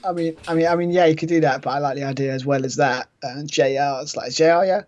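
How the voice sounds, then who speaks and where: A man chatting about a wrestling game, talking fast with frequent restarts. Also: medium pitch, little pitch movement, darkish tone. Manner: quick, stumbling restarts. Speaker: co-host. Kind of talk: casual gaming chat. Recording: dull lo-fi mic.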